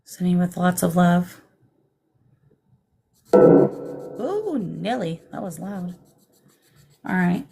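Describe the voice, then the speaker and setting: A woman hosting a live stream as a psychic medium, speaking gently and soothingly and calling her guests darling. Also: lowish voice, steady tone, a little slow, gravelly, music in the background, rough recording. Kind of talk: live-stream spirit reading.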